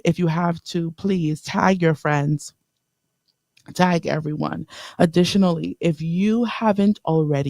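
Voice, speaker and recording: A woman hosting an inspirational radio talk show. She talks lively and straight to her listeners, and she repeats key lines slowly. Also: fairly low pitch, creaky, dry recording, clean studio sound. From the Bahamas. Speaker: radio host. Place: radio studio.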